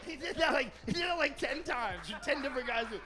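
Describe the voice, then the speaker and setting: A man doing stand-up, telling a crude story in an animated way and acting out the characters. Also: very high voice, brisk, music in the background. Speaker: stand-up comedian.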